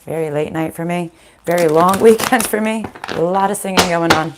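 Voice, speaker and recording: A woman's voice: on the low side, moderate pace, heavy background noise. A woman giving a casual live spiritual tarot reading in her morning voice, chatty and laughing often. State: morning voice, needs warming up. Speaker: spiritual reader. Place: sunny room at home.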